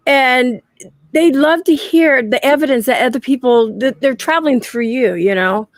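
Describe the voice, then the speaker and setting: High-voiced eager woman host, dry sound. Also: normal speed, no room sound. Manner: eager, encouraging interjections, gasps and laughs. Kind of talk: casual interview.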